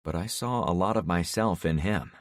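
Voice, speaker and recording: A man narrating a first-person audiobook in a steady, matter-of-fact way. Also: sits low, normal speed, dry recording, clean studio sound.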